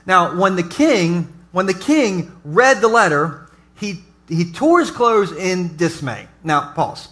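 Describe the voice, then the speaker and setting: A pastor preaching a humorous sermon to a live congregation, telling jokey stories and throwing asides to the audience. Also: male voice, high voice, expressive, slow, a bit bright. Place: church service before a live congregation.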